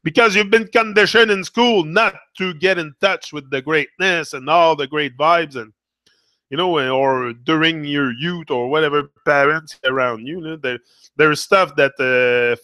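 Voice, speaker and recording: Bright-voiced man with a French accent. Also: on the high side, measured pace, no room sound. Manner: rambling, self-correcting, earnest. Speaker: motivational vlogger. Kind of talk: casual live motivational talk.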